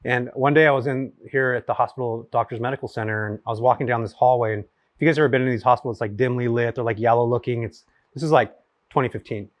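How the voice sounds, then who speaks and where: A man in his forties from California tells stories in a relaxed, chatty way, piling up fillers as he goes. He talks very fast at a mid pitch. The sound is dry and close. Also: dry recording. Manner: rapid, animated storyteller with many fillers. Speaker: guest, real estate investor. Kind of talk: casual storytelling chat. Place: his home.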